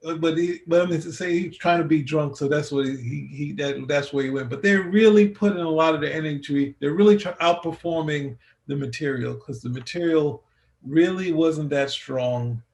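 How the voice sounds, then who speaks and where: A man co-hosting a relaxed review conversation, his voice sitting slightly high for a man. He rambles, restarts his sentences and circles back as he gathers his thoughts. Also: moderate pace, vocal fry. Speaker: podcast co-host. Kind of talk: casual review chat.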